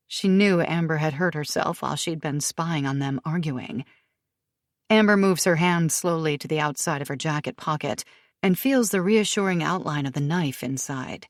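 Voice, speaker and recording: A woman narrating a thriller audiobook in a steady, measured way, recorded close to the mic. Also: deep voice, dry recording.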